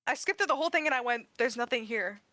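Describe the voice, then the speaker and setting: A woman's voice: fairly high pitch, expressive, fast, sharp tone, no echo, studio quality. A woman co-hosting a podcast in casual chat, laid-back with short replies. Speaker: podcast co-host.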